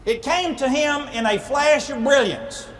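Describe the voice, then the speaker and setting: A man telling a comic story to a live crowd. He is folksy and animated and throws in sound effects. His voice sits high, and a steady noise runs under the recording. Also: unhurried, big-room sound. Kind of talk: humorous storytelling to a live audience.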